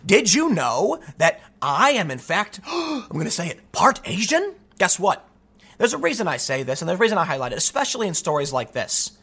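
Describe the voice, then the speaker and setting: Animated, argumentative male commentator. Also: high-pitched, husky. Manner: animated, argumentative, rhetorical questions, frequent restarts. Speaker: political commentary host. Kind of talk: solo commentary monologue.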